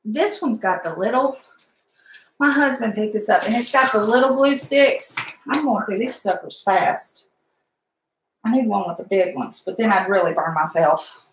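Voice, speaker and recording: A woman's voice: medium pitch, lively intonation, normal speed, slight background noise. A middle-aged woman chatting casually while she makes a wreath at home, blunt and talkative with mild cursing. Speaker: crafting vlogger. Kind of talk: casual crafting livestream chat. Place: home room, indoors. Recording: echoey room sound.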